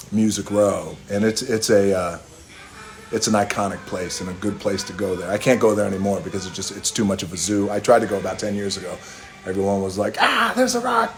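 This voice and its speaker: On a phone live stream, a middle-aged man from Hawaii tells a long personal story in a relaxed, rambling way, pausing for toasts and asides. His voice sits lowish.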